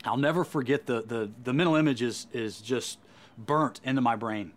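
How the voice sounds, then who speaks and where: A man's voice: mid-range voice, moderate pace. A man delivering a sermon as a Christian speaker, earnest and emphatic, often repeating words as he goes.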